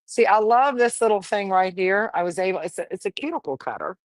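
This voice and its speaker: A woman's voice: medium pitch, expressive, a little fast, dry recording. A woman breeding dogs, casually livestreaming while she firmly coaxes a wriggling puppy, talking in a folksy way. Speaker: dog breeder.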